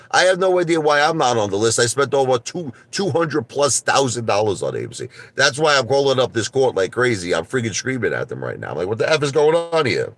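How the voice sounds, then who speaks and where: Male streamer, combative rant, low-pitched, dry close mic. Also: no echo. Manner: animated, combative, repeats himself. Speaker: livestream host. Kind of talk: ranting livestream chat.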